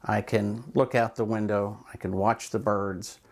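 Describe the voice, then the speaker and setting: A man's voice: fairly low pitch, level tone, unhurried. A man, a speaker and coach, talking casually and reflectively about mindfulness, with loose asides and examples of self-talk.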